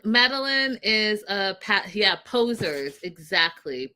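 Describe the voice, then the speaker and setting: This is a woman with a bright, forceful voice who talks at a slow, unhurried pace. She recaps reality TV in a casual, animated way, laughing along and calling the audience y'all. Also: medium pitch.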